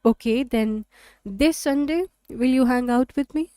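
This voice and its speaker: Woman voicing a playful frank young woman, teasing lilt, higher voice, mellow tone, dry close sound, audiobook. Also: measured pace, clear, resonant tone, dry recording, lightly acted. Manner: bright, teasing and lilting delivery. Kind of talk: audiobook reading.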